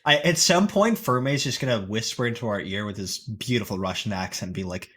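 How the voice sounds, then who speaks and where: A man casting an esports match, mixing rambling jokey banter with fast play-by-play calls. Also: lowish voice, a bit bright, husky. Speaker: esports caster.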